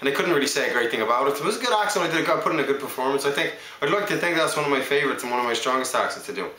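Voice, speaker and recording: A man's voice: medium pitch, animated, racing, pushed and bright. Man rattling off accents in an echoey room. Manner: hops between English accents, chatty and self-assured. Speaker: actor showing accents. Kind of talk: accent showreel monologue.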